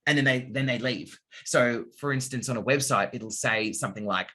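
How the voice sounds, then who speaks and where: A man's voice: mid-range voice, pushed and bright. Man explaining copywriting in an interview. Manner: explains with examples, acting out readers' reactions in quick asides. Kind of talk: casual interview answers.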